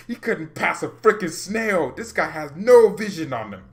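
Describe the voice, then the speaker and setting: Animated man ranting about football. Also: a little high, normal speed, hardly any pauses. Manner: animated, exasperated ranting with bursts of laughter. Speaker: football fan channel host. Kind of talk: heated casual fan rant.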